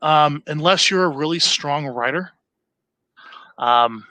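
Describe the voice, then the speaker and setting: A man's voice: a little high, slow, sharp tone, no echo. A man guesting as a marketing company CEO, talking casually with lots of fillers and restarted phrases. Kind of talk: conversational interview, sample email read aloud.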